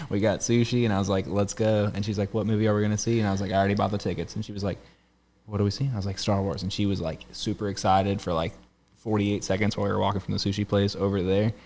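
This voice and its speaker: A man's voice: fairly low pitch, creaky, darkish tone, a little hiss or hum. A man in his thirties hosting a podcast, telling long casual stories and laughing often. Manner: rambling storyteller, laughs often. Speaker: podcast host. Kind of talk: casual chat.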